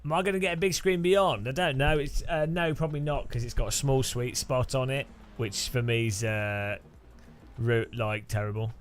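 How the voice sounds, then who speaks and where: A man's voice: medium pitch, normal speed, faint music behind. A man streaming sim racing, chatting casually and rambling with chuckles while answering his chat.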